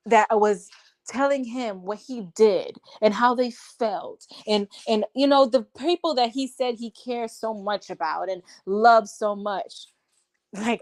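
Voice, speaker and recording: A woman hosting a live-stream chat, talking in animated, indignant bursts. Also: on the high side. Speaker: host.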